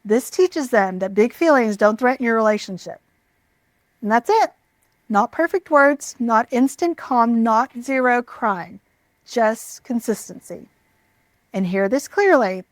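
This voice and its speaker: A woman giving scripted parenting advice in a calm, measured, reassuring way. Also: a little high, no room sound. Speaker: parenting educator.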